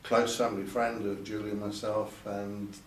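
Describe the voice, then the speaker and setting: An older man, voice on the low side and level in tone, recalls his past at a moderate pace in a frank interview. He's hesitant, repeats words, and quotes others in a lifted voice. The event venue recording, made with a distant mic, is roomy with faint ambience and a little hiss or hum.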